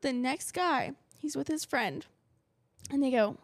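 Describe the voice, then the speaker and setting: Giggly young woman with a gravelly edge. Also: high voice, expressive, unhurried, no echo, clean studio sound. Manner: giggly, slips into a put-on British accent. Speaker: podcast co-host. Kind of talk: casual chat.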